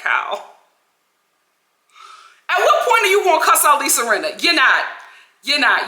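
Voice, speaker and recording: A woman vlogger giving casual reality-TV commentary in an animated, sassy, slangy way. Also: mid-range voice, reverberant. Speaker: vlogger, TV recap host.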